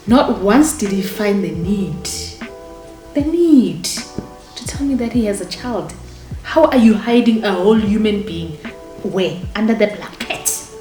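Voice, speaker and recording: A young woman tells her storytime vlog in an animated, indignant voice and talks straight to her viewers. Her voice sits at a middling pitch. The room sounds echoey, with faint music behind her. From South Africa. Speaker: vlogger.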